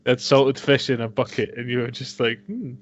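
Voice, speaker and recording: A man's voice: medium pitch, flat delivery, brisk. A man co-hosting a casual whisky-tasting podcast, making dry jokey asides and reading out tasting notes. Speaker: podcast co-host. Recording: dull lo-fi home podcast recording.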